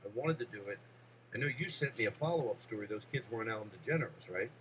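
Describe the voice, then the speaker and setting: A man hosts a casual podcast, excitable and quick to jump from one subject to the next. His low voice swings widely in pitch, and clear background noise sits under the whole recording. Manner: excitable, jumping between topics. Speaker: podcast host. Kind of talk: casual chat.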